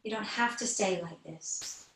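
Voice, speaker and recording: A yoga teacher with a British accent, a little short of breath, guiding a slow, gentle relaxation class with reassuring words. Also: female voice, medium pitch. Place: home room, online class. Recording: roomy sound from a distant mic.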